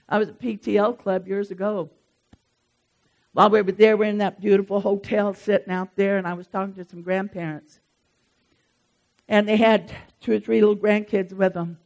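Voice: medium pitch, normal speed. Pastor, emphatic sermon delivery, speaks directly to the flock. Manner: lively, emphatic, talks straight to the congregation.

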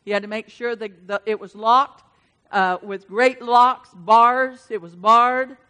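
Woman preacher, high bright voice, fervent sermon, shouts then drops quiet, talks right to the church. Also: steady tone, slow, clear, resonant tone. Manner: fervent, swings between shouting and hushed asides; addresses the congregation directly.

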